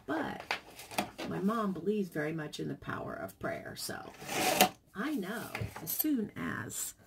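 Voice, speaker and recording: A woman's voice: on the low side, gravelly, very noisy. A middle-aged woman chatting in a personal vlog, telling a family story in an open, emotional way and acting out the dialogue. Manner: chatty and emotional, retelling dialogue with animated voices. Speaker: vlogger.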